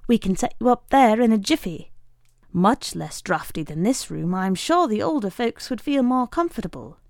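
A woman's voice: medium pitch, very animated, moderate pace, darkish tone, no echo, clean studio sound. A woman reading a short story aloud, voicing a male hotel manager who coos and talks down to his guests. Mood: cooing. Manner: cooing, fussy, condescending.

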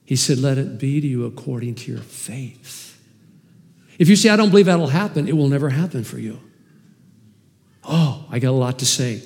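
A man preaching a sermon as pastor, animated and emphatic, with sudden swings in loudness. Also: medium pitch, normal speed, vocal fry, long pauses, in a large hall. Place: church hall.

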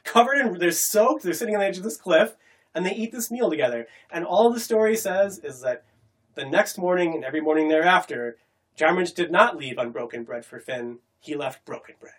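A man retelling an old legend in a casual, animated chat. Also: sits high, fairly quick. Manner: animated, acts out the quotes.

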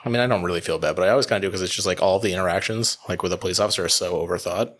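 Fast-talking deep-voiced man telling stories. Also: a little hiss or hum. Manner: animated storyteller, acts out quotes. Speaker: sausage company co-owner. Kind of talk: casual chat.

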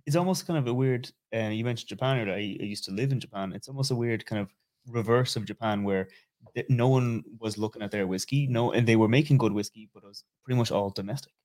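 A man co-hosting a podcast, chatting casually with quick asides. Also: medium pitch, a little mellow. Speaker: podcast co-host. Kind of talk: casual conversational chat.

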